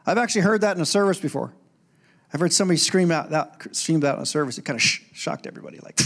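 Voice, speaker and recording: Animated middle-aged man preaching a sermon. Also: high voice, fast talker. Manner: animated preaching, shouting out quoted lines. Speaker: pastor. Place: church sanctuary.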